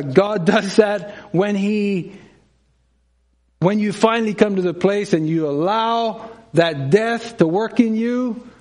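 The sermon comes from a man whose voice is high-pitched and a little mellow. He keeps it conversational, chuckling often, voicing dialogue himself and turning to the congregation with questions.

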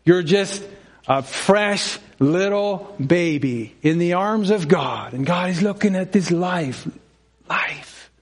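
A man's voice: fairly high pitch, a little mellow. A man preaching a sermon in a conversational way, often chuckling and asking his congregation questions. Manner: conversational, acts out dialogue, asks congregation questions.

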